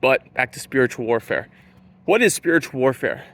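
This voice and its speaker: Gravelly man preaching earnestly. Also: medium pitch, expressive, a bit bright. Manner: slow, emphatic, stresses key words. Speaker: Christian speaker.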